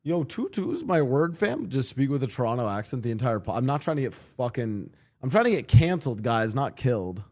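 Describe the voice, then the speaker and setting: A young man rambles through a casual reaction stream, swearing freely and restarting his sentences. His pitch swings widely as he talks. He is close on a streaming mic in a home room. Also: expressive, brisk, few pauses, darkish tone. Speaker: streamer and podcast host.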